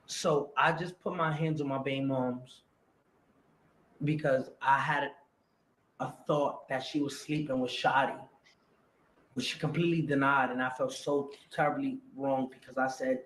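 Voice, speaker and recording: A man telling a story as an interview guest, animated and stumbling over repeated words. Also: mid-range voice, a little slow. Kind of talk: casual storytelling. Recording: roomy echo, faint background noise.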